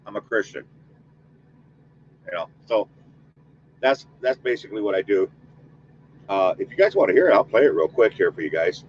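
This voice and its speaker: A man's voice: lowish voice, animated, a little fast, long pauses, muffled recording, slight background noise. A man hosting a spirit-box session, chatting casually with his audience and leading a spoken protection prayer. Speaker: paranormal investigator host.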